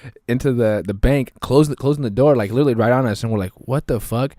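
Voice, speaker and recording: A man's voice: mid-range voice, fast talker, no room sound, clean studio sound. A man co-hosting a casual podcast, telling stories with lots of swearing and acted-out voices. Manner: swears constantly, animated storyteller who acts out voices. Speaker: podcast co-host. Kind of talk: casual chat.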